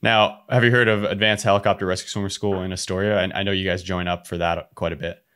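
A man's voice: low-pitched, little pitch movement, fast, a bit bright, clear, resonant tone. A man from Quebec, French his first language, hosting a podcast in a laid-back, chatty way. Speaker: podcast host. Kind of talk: casual interview.

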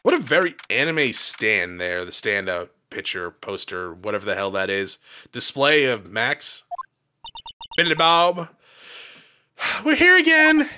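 A man's voice: fairly low pitch, sing-song, measured pace, bright, forceful tone, slight background noise. A man hosting a let's play, commenting casually and offhand, swearing now and then.

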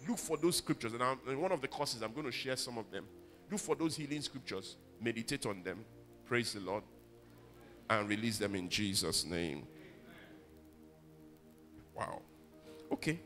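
With soft music behind him, a mid-range male preacher urges his congregation to echo his words in a call-and-response sermon. He speaks at a moderate pace with long pauses, building emphatically to loud exhortation as the reverb trails on.

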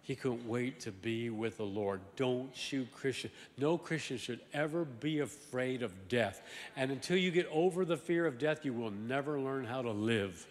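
A man preaching a sermon as pastor, animated and emphatic, swinging from loud exclamations to quiet asides and often repeating words. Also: mid-range voice, normal speed, in a large hall. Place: large church sanctuary.

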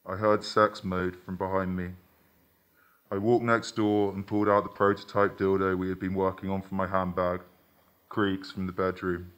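Lowish man reading a story aloud. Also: level tone, a bit bright. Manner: measured, intimate first-person storytelling. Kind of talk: literary reading of a short story.

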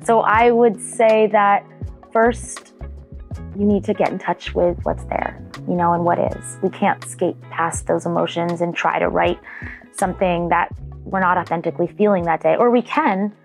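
A woman's voice: on the low side, fairly even intonation, moderate pace, vocal fry. A singer-songwriter in her thirties talking through her songwriting in an earnest, confiding interview, recorded in a music studio. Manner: earnest, confiding, breaks into sung snippets. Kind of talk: reflective interview answers. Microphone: studio mic.

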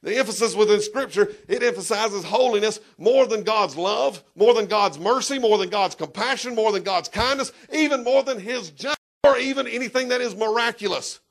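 High-pitched gravelly preacher. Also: male voice, normal speed. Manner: emphatic preaching with sudden shouts and asides to the congregation. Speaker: pastor. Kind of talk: sermon. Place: church.

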